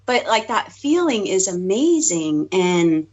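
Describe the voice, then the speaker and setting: A woman chatting casually as a podcast guest co-host, talking quickly with lots of fillers and giggles. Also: mid-range voice, sing-song, husky. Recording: dull lo-fi podcast audio.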